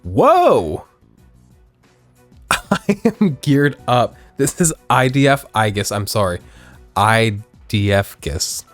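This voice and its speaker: A man's voice: mid-range voice, sing-song, slow pace, soft background music. A man in his thirties from Missouri, chatting and joking candidly as he streams a video game. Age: 30s. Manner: rambling, joking, candid storytelling. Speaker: gaming streamer. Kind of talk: casual let's-play commentary.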